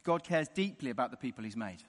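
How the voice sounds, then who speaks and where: A man preaching a sermon in an earnest way, dropping soft and slow on the key words. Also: mid-range voice, very animated. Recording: long reverb of a large hall.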